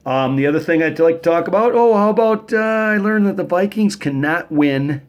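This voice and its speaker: A man's voice: fairly high pitch, expressive, moderate pace. A man talking to camera in a casual weekly vlog, chatty and jokey, rambling through stories with frequent restarts. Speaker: vlogger.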